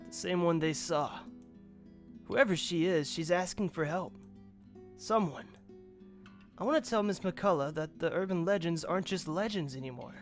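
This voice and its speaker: A man's voice: a little high, moderate pace, long pauses, soft background music. A young man hosting a let's play, reading a visual novel's narration aloud and chatting casually, swearing freely.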